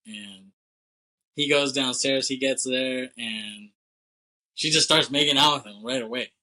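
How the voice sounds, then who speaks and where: A young man in loose podcast chat, walking through a movie plot scene by scene. His voice is very bright and his pitch sits in the middle. He swears freely and slips into quick impressions of the characters as he goes. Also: low-quality recording. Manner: loose and profane, acts out characters' lines with laughs. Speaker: podcast co-host. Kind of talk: casual chat recapping a movie.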